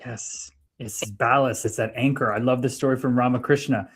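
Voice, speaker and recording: A man co-hosting a livestream, telling spiritual stories in an animated way that swings between loud and soft. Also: mid-range voice, moderate pace, a little hiss or hum. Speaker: livestream co-host. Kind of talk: spiritual casual chat.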